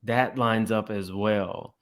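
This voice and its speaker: Low-voiced man with blunt commentary. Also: steady tone, takes it slowly. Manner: blunt and opinionated, addresses viewers. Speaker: commentary host. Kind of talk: reaction commentary on podcast clips.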